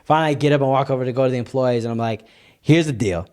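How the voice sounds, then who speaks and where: A young man co-hosting a podcast, telling a story in casual chat with lively asides and frequent restarts. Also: mid-range voice, rapid-fire, clean tone. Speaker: podcast co-host.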